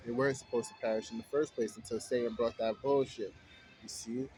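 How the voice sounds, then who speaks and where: A man's voice: mid-range voice, fairly even intonation, warm tone, faint music behind, poor audio. Man reading scripture, slangy asides. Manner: reads verses slowly, then explains in slangy street talk. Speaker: Bible study host. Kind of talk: reading scripture aloud with casual commentary.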